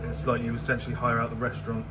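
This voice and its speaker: A tipsy man vlogs casually from his restaurant, talking into a handheld camera over loud music. His mid-range voice is monotone and racing, and he chats and rambles, often restarting sentences.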